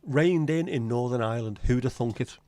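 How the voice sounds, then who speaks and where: A livestream host from Liverpool, England, speaks with a Scouse accent in a medium-pitched, slightly mellow voice, brisk and with no room sound. He trades casual, blunt, sweary banter with his viewers.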